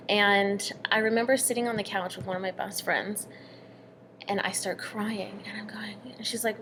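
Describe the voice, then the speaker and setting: A young adult woman casually telling a personal story, earnest, sometimes dropping to a hushed near-whisper. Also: medium pitch, moderate pace, a little hiss or hum.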